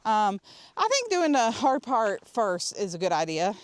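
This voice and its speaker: A woman's voice: mid-range voice, wildly swooping pitch, measured pace. A woman chatting casually on a hiking trail, laughing often and getting out of breath on the climbs. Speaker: vlogger. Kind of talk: casual hiking vlog talk. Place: outdoors on a desert trail.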